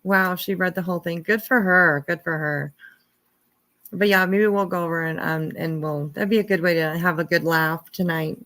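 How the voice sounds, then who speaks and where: Chatting casually with her livestream viewers, a host in her fifties thanks people by name and laughs frequently. She has a lowish, fairly bright voice with fairly even intonation and normal speed.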